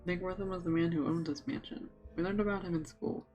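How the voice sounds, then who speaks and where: Earnest little girl diary voice by a streamer, a bit higher, faint music. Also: steady tone, fast, a little mellow, lo-fi sound, lightly acted. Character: young girl, timid diary narrator. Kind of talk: reading game diary aloud.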